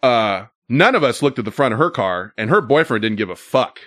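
A man's voice: mid-range voice, animated, brisk, fairly bright tone, no room sound, studio quality. A man telling a story casually, with lots of fillers and swearing.

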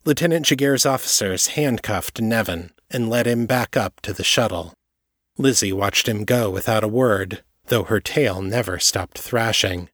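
A man narrating an audiobook chapter in a measured, steady way. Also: on the low side, dry recording, studio quality. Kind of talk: scripted narration.

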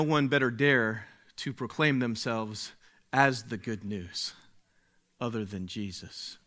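A male pastor preaching a sermon slowly and emphatically, with dramatic pauses and rising swells of volume. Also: mid-range voice, a bit bright.

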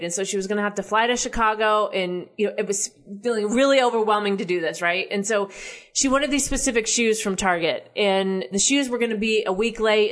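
A woman's voice: mid-range voice, fairly bright tone. A young adult woman from the United States talking through her thoughts in a casual monologue, full of "like" and "right?". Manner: chatty, heavy use of "like" and "right?".

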